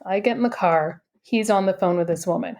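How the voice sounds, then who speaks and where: A woman's voice: mid-range voice, fairly quick, darkish tone. A woman guest who works as an intuitive coach tells a story in a casual, chatty way. She acts out the dialogue with shifts in her voice and fills her speech with "like" asides. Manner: chatty, many "like" and "I'm like" asides.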